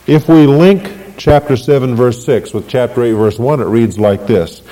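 Male preacher, deliberate teaching sermon with rhetorical questions, hall reverb. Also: medium pitch, warm tone. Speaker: pastor.

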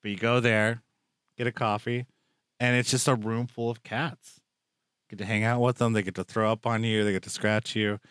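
A man's voice: lowish voice, little pitch movement, normal speed, fairly bright tone, clean tone, dry recording, studio quality. A young man hosting a casual chat, rambling and joking with lots of filler words. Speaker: podcast host.

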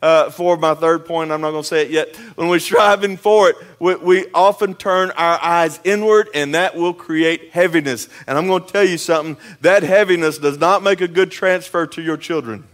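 A man, preaching as a pastor in a folksy, conversational way, moving between loud emphasis and quiet asides. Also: a little high, fairly even intonation, normal speed, hardly any pauses. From East Texas. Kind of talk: sermon.

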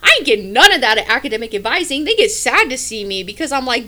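A woman in her twenties hosting a casual solo podcast, talking in animated, rambling asides and swearing freely. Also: high voice, fast, hardly any pauses. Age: 20s. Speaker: podcast host.

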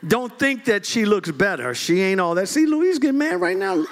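A middle-aged man preaching a sermon, lively and joking, often laughing as he talks. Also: high-pitched, normal speed. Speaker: pastor.

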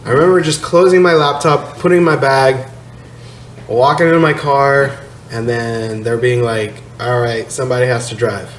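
A man's voice: medium pitch, steady tone, moderate pace. A man casually telling a story on a podcast, laid-back and swearing, laughing as he goes. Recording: echoey room, slight noise.

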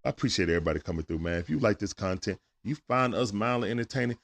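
Excitable gravelly male stream commentator. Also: lowish voice, very fast. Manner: excitable play-by-play, swings from hushed to shouting. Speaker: stream host. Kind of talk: casual live-stream game commentary. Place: at home at night.

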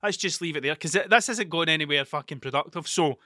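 A man with a broad Ayrshire Scottish accent rambles through anecdotes on his own podcast, cursing often and getting animated. His voice sits a little high and sounds bright and forward. It is recorded close and dry, with no room sound. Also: quick pace, dry recording. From Scotland (Ayrshire). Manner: sweary, animated storytelling. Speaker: podcast host. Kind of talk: casual solo podcast chat.

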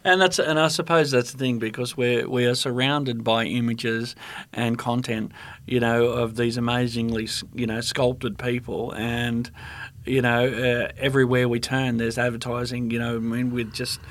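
A man's voice: medium pitch, level tone, normal speed, fairly bright tone. A man hosting a podcast, asking long loose questions full of "you know". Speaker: podcast host. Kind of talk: casual conversational interview.

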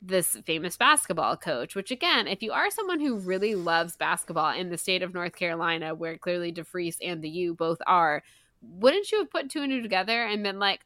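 A young woman with a bright, expressive voice that swings up and down as she talks through a novel. She is recorded close and dry, tossing in playful asides and made-up dialogue. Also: on the low side, a little fast, dry recording. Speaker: podcast co-host. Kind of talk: casual book-club chat.

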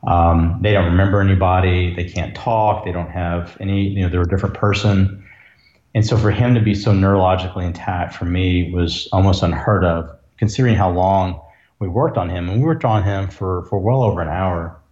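An ER doctor appears as a podcast guest, telling a story conversationally with earnestness and reflection, growing emotional at times. His voice sits low, steady, brisk and a little mellow, and the recording is roomy, dull and lo-fi.

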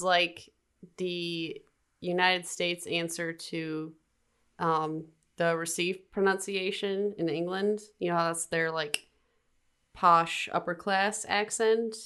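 A woman co-hosting a podcast, explaining a topic in a relaxed, conversational way with many fillers. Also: on the low side, takes it slowly, clear, resonant tone. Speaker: podcast co-host. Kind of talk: casual chat.

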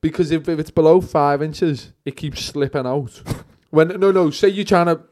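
A man's voice: on the high side, moderate pace, darkish tone. A young man in casual chat among friends, trading crude jokes. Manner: crude joking banter.

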